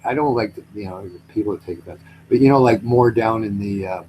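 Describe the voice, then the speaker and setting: A man with a Lancashire accent rambles through a casual chat, full of fillers and restarts. His voice sits fairly low, with a faint background noise under it. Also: a little fast, mellow, highs cut off. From Burnley, England.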